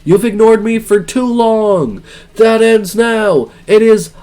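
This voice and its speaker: A man's voice: high voice, takes it slowly, dark tone, slight background noise, pitched above the performer's own voice. A man voicing an arrogant young male rival student with a haughty, taunting manner. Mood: boastful.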